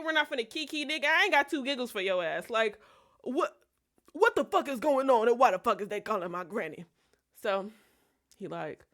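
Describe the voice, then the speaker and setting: A woman streamer telling a personal story in a casual, animated, profane and digressive way. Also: on the high side, fairly quick.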